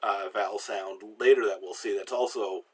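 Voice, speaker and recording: A man giving a slow, patient pronunciation lesson, with frequent fillers and restarts. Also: on the low side, fairly even intonation, husky. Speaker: language teacher.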